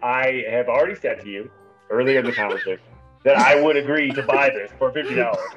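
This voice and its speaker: A man's voice: mid-range voice, quick pace, a bit bright, natural voice. A man improvising a blustery male customer who cusses and takes offense. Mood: blustering. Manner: indignant, blustering. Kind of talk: improvised comedy role-play. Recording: dull lo-fi sound with music.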